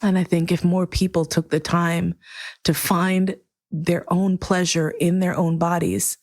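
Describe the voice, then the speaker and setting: Low, slow-talking woman podcast host. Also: flat delivery, a little mellow. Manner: earnest, emotional, swears freely, slow deliberate phrasing. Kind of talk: heartfelt solo podcast monologue.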